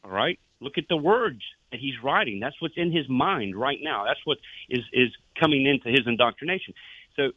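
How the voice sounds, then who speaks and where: A man speaks earnestly on Christian talk radio, preaching and telling stories with an ordinary pitch. The sound is tinny and phone-like, with no room in it. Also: expressive, normal speed, no room sound. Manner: earnest, preachy storyteller who acts out dialogue. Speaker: guest speaker, former police officer.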